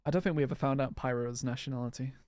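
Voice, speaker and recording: A man's voice: medium pitch, fairly even intonation, racing, a little mellow, dry recording. A man chatting casually while playing a game, rambling and answering viewers' comments with frequent restarts. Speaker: gaming video creator. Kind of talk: casual live gameplay chat.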